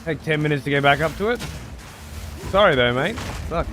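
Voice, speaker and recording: A man streaming a video game, chatting casually and swearing freely with excitable outbursts. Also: a little high, brisk, soft background music. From United Kingdom. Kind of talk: casual gameplay livestream chat.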